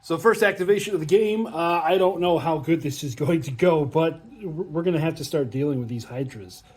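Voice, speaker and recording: Here a man talks a little fast in a slightly high, darkish voice while hosting a tabletop wargame battle report. As the channel's host and a player, he keeps up casual chatter, counts dice aloud, and laughs often.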